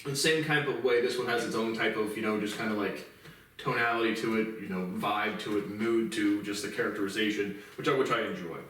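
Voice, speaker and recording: A man's voice: on the low side, fairly even intonation, a little fast, fairly bright tone, slight background noise. A man giving a casual spoken television review, rambling with many restarts and fillers and some swearing. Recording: echoey room, mic at a distance.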